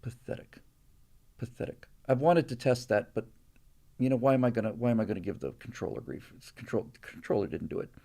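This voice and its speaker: A middle-aged man hosting a live stream, talking casually, rambling and sardonic, growing loud when he rants and mimicking pilot radio calls. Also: medium pitch, fast talker. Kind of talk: casual monologue and rant.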